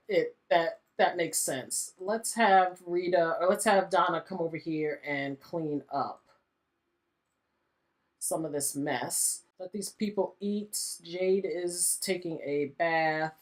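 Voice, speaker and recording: A woman's voice: sits low, slow pace. Chatty exasperated woman narrating gameplay. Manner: chatty, exasperated, often laughing. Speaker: gaming channel host. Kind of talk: casual let's-play commentary.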